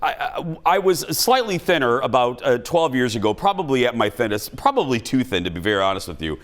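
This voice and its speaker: A middle-aged man hosting a studio talk show, telling a self-mocking story in an animated way. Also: mid-range voice, brisk. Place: TV studio with live audience.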